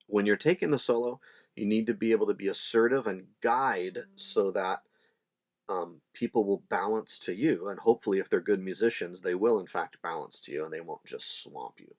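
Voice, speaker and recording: Relaxed low-voiced ukulele teacher. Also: male voice, moderate pace. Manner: relaxed, chatty, with laughs and fillers. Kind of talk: casual instructional talk. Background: ukulele playing between phrases.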